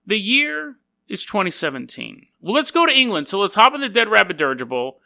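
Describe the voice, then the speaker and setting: A male podcast host in casual storytelling mode, his voice pitched high and sharply bright. He wanders off on jokey, self-deprecating tangents before returning to the tale. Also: big pitch swings, brisk, gravelly.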